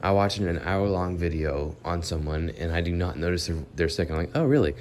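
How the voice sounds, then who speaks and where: This low-sitting, darkish male voice stays fairly even in intonation and moves fairly quickly, with a little hiss or hum underneath. It belongs to a young vlogger with a cold whose nasal, unscripted monologue rambles and self-corrects while he addresses his audience directly.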